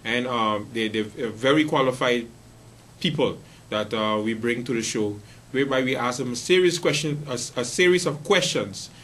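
A man's voice: medium pitch, normal speed, a bit bright. A man hosting a late-night comedy show, delivering a meandering monologue full of hesitations and restarts. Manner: meandering, hesitant, stumbling over words. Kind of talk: rambling comic monologue.

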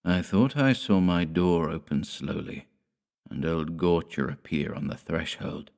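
A man narrating a classic horror tale in a measured, quiet storytelling manner. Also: very deep voice, gravelly. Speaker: audiobook narrator.

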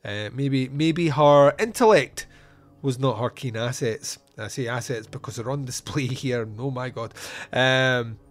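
A man hosts a podcast solo, reviewing a film by recapping it scene by scene in a wry, joking way full of asides and fillers. His voice is mid-range and his pace measured.

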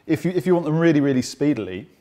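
A man's voice: on the high side, animated, very fast, dark tone. A man talks through a recipe in a home kitchen, explaining as he goes. He is chatty and easygoing, and his voice often drops and trails off at the ends of phrases. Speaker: nutrition expert cooking. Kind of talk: casual cooking demonstration.

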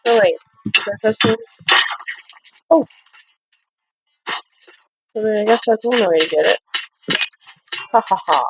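A woman's voice: medium pitch, highs cut off. A young woman giving casual, chatty let's-play commentary, talking to herself as she plays. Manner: chatty, giggly and self-talking. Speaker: gaming video host.

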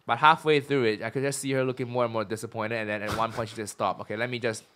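A man's voice: steady tone, quick pace, a bit bright, slight background noise. A young man from Malaysia with a mixed mid-Atlantic accent, telling a self-mocking story as a comedian guest in a casual podcast chat. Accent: mid-Atlantic mix. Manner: self-mocking storytelling, drops his voice low when recounting.

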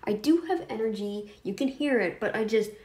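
A woman's voice: fairly high pitch, animated, moderate pace, mellow. A woman hosting a reaction video, rambling and laughing often, feeling mentally off. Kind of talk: casual commentary.

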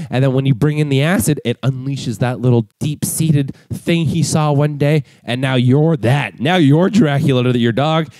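Young man, podcast host, comedic rant, swears a lot, slightly high voice, dry close sound. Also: a little mellow, no room sound. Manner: profane, mocking, acts out people in high voices.

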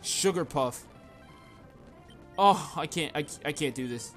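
A young man hosting a game playthrough, rambling through stories and self-deprecating asides, then yelling at the game when battles go badly. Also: on the high side, takes it slowly, faint music behind. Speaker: gaming channel host. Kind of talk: casual game commentary.

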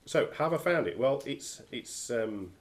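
A man's voice: medium pitch, animated, measured pace. A man from the UK with a nasal voice from a cold, reviewing diving gear in a casual, hesitant way with lots of ums. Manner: hesitant, many ums and restarts.

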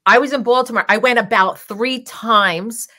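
A woman's voice: a little high, normal speed, bright, forceful tone. A woman guest telling rambling, filler-heavy anecdotes with frequent laughter in a casual interview. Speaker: guest, drag king performer.

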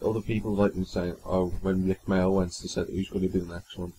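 A man's voice: low voice, flat delivery, fast, dark tone, slight background noise, rough recording. A young man co-hosting a podcast, chatting casually and rambling through stories with frequent restarts. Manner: chatty, rambling, stumbles and restarts while recounting news. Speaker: podcast co-host. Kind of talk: casual chat.

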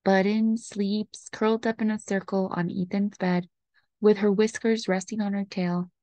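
A woman reading a children's picture book aloud in a gentle, expressive storytelling manner. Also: mid-range voice, unhurried, no echo. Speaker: storybook reader.

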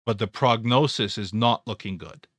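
A trading educator hosts a live stream, casually talking through stock charts while rambling, repeating words and cracking jokes. His voice is fairly low and a bit bright at a moderate pace, in a dry recording with clean studio sound.

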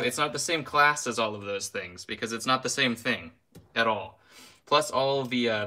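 A man's voice: mid-range voice, bright, forceful tone. A young man hosting a casual live stream, ranting with heat, then apologizing with a laugh and reading out viewer names. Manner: reads viewer names aloud.

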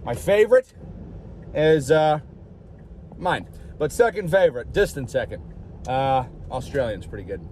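A man's voice: fairly high pitch, sing-song, a little slow, long pauses, a little mellow, a little hiss or hum. A man vlogging in a rambling, jokey way, outdoors by a street. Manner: rambling, jokey, puts on silly voices. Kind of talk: rambling casual vlog.

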